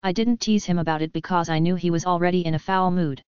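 Smooth-voiced woman narrating a novel. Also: fairly low pitch, steady tone, quick pace, darkish tone, no room sound. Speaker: audiobook narrator. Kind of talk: first-person novel narration. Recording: dull lo-fi, dry.

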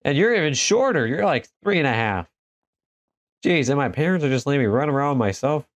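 Medium in pitch, a little fast and lively in intonation, this man hosts gaming videos and narrates his horror game playthroughs. He jokes, laughs easily, and chats with the on-screen characters as he goes.

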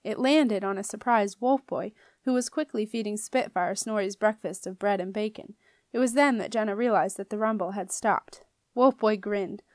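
A woman narrating a children's fantasy novel as an audiobook reader, in clear, steady storytelling. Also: mid-range voice, moderate pace, no room sound, studio quality.

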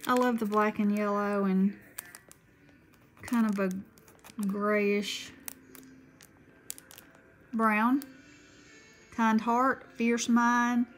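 Middle-aged Southern woman, unhurried, chatty craft vlogger, paper crinkling softly behind. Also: fairly high pitch, a little hiss or hum, low-quality recording. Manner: chatty, gushing, Southern-friendly. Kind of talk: casual haul chat.

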